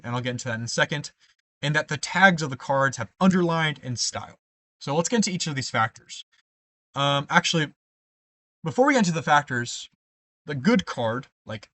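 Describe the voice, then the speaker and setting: A man's voice: fairly high pitch, bright, forceful tone, no echo. A young man teaching debate card formatting in a screen-share tutorial, explaining step by step with frequent ums and asides of "right?". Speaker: debate coach.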